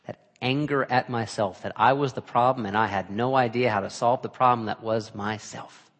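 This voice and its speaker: A man's voice: lowish voice, creaky, a bit bright. Dramatic male preacher in a reverberant hall. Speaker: pastor. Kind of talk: sermon.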